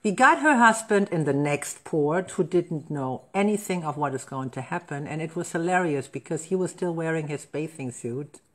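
Woman, lowish voice, chatty host spinning an anecdote. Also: normal speed, hardly any pauses. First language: German. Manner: animated anecdote-telling with laughs and self-corrections. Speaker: wedding celebrant and show host. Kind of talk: casual storytelling chat.

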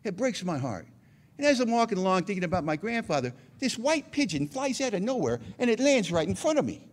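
A man's voice: high voice, sing-song, brisk. A man speaking at a recovery meeting, telling his own story conversationally with frequent asides. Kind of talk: personal testimony talk.

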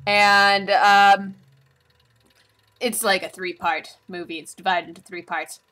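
A woman's voice: mid-range voice, fairly even intonation, takes it slowly, bright, forceful tone. A woman vlogger giving a rambling, casual recap of a movie, full of asides and giggles.

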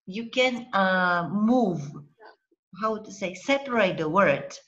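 Slow, patient woman tutoring online. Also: mid-range voice, expressive, a bit bright, muffled recording. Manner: patient, slow, spells out syllables and checks with "okay?". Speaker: language teacher.

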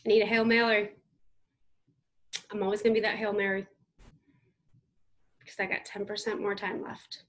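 A woman's voice: medium pitch, little pitch movement, normal speed, pauses often. A woman in her thirties giving a motivational keynote speech, emphatic and punchy, speaking straight to her audience. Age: 30s.

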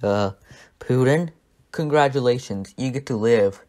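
A man's voice: mid-range voice, measured pace, darkish tone. Man in a nervous comedy skit.

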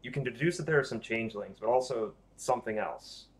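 A man's voice: mid-range voice, husky. Man running a tabletop game. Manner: loose, halting narration with many fillers. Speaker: dungeon master.

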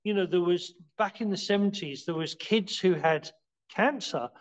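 A man with a high voice chats casually as a guest on a podcast, explaining martial arts concepts in stop-start bursts and acting out scenes as he goes. He stumbles, restarts constantly, and fills gaps with "you know." The recording sounds dull and lo-fi.

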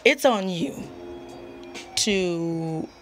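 A woman's voice: lowish voice, lively intonation, drawn-out words, soft background music. A woman giving a casual tarot reading straight to her viewers, assertive and chatty, often checking in with "okay?". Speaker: tarot reader.

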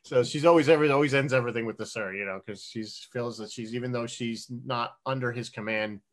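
A man's voice: medium pitch, fast. A man guest co-hosting a podcast, telling stories in a rambling, filler-heavy way. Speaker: guest co-host. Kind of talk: casual chat.

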